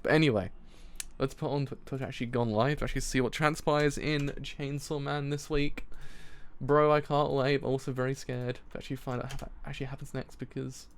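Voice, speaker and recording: A man giving live reaction commentary as he reads a comic chapter, excitable and rambling, laughing often. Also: medium pitch, fairly quick, clean tone. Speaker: streamer reviewing a manga chapter.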